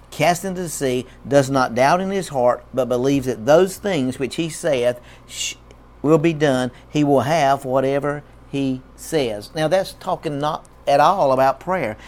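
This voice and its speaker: A man's voice: a little high, darkish tone. A man preaching a sermon as a pastor, emphatic and repeating key words.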